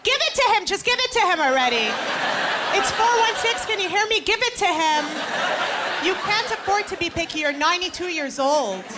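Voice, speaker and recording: A woman's voice: fairly high pitch, lively intonation, quick pace, few pauses, close to an everyday voice. A woman voicing a pushy, screaming Arab mother, nagging at full volume. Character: pushy, shrieking Arab mother desperate for grandchildren. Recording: live stage mic over loud crowd noise.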